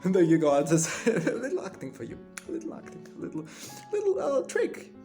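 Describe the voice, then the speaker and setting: A pompous, long-winded stage actor with a British accent, played by a man. His gravelly voice leaps wildly in pitch as he rambles theatrically through a mock interview. Faint guitar music plays behind him. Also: wildly swooping pitch, brisk, mellow, heavily acted. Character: pompous washed-up male stage actor, middle-aged. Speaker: fictional actor being interviewed. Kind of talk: comedic mock interview monologue.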